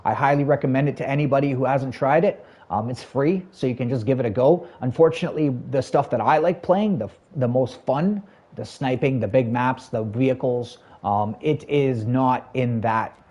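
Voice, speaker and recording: A man's voice: medium pitch, moderate pace, a little mellow. Chatty Canadian streamer guy. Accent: Canadian English. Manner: chatty, addresses chat and viewers by name, friendly filler-heavy talk. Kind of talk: casual live-stream chat while gaming.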